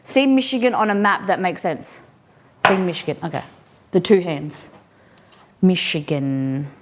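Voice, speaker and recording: A woman with a mid-range voice talks at a normal speed over slight background noise. She's live streaming and chatting casually with viewers while looking over a collection, full of curiosity, questions, and excited exclamations in a relaxed unboxing conversation.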